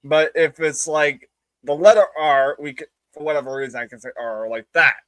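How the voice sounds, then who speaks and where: The same kind of streamer, a New England-accented man, keeps up casual chat with rambling jokey tales that keep restarting. He speaks at a normal pace in a higher, slightly bright voice, with no echo.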